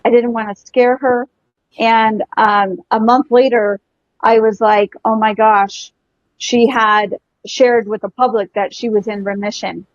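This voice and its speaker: A woman's voice: a little high, steady tone, a little slow, no echo, highs cut off. A woman guest telling an emotional story, effusive and full of breathless exclamations, speaking over a video call. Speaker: guest, energy healer.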